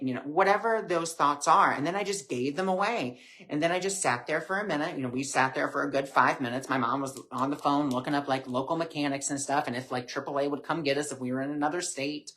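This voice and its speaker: A man hosting a live stream, giving a reflective spiritual talk with gentle, repetitive phrasing and many fillers. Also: on the high side, brisk. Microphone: webcam or phone on a live stream.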